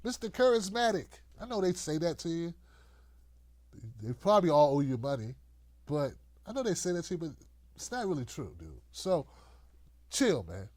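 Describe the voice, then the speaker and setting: A middle-aged man with a fairly high voice rants to his viewers, mocking and animated, slipping into silly voices for the people he quotes. The sound is close and dry, with no room around it. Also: moderate pace, pauses often, dry recording. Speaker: political commentary host. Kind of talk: loose rant to camera.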